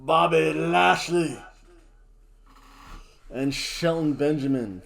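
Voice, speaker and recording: A man's voice: medium pitch, unhurried, a little mellow. A man hosting a casual wrestling predictions chat, jokey and theatrical, hamming up wrestler introductions. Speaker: wrestling show host.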